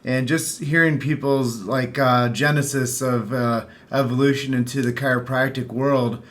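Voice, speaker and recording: A man's voice: mid-range voice, steady tone, unhurried. A man hosting a podcast, speaking in a casual, upbeat, friendly way. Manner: upbeat and friendly, says "bro". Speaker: podcast host. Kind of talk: casual chat.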